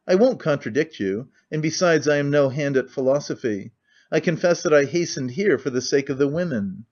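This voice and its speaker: Guy reading as a bored cynical middle-aged gentleman, chatty and rambling, kinda high voice, muffled audio. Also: animated, moderate pace. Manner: rambling, confiding, languid candor. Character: jaded cynical middle-aged nobleman, idle and talkative.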